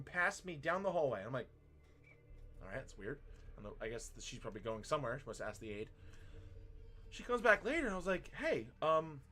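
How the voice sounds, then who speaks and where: A man's voice: fairly high pitch, fairly bright tone. A man in his thirties chatting casually on a stream, telling a story with a lot of swearing and laughter. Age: 30s. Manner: profane storytelling, laughing often. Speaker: streamer and teacher.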